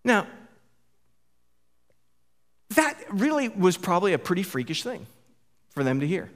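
A man's voice: high-pitched, big pitch swings, unhurried. A pastor giving a conversational sermon, often restarting phrases and asking his listeners questions. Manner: informal, repeats words, asks the listeners questions.

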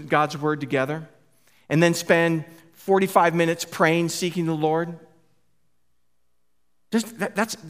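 A pastor giving a conversational sermon, often restarting phrases and asking his listeners questions. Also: medium pitch. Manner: informal, repeats words, asks the listeners questions.

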